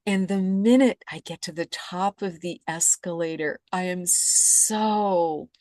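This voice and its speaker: A woman guest tells her story in a vivid, expressive voice and laughs readily as she goes. Her voice sits a little low, and the sound is close and dry, with no room ring around it. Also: slow, no room sound. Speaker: interview guest, energy healer. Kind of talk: storytelling in a conversational interview.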